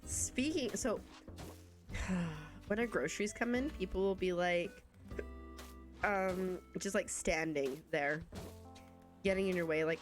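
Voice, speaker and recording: A woman's voice: fairly low pitch, slow, pauses often, faint music behind. A young woman from Canada, chatting casually and rambling as she streams a game and answers chat. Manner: chatty, rambling, reads chat aloud, laughs often.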